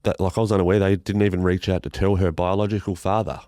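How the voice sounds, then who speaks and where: An Australian man telling a painful personal story as a podcast guest, halting and emotional, swearing and restarting his sentences. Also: deep voice, little pitch movement, dark tone, no echo, clean studio sound.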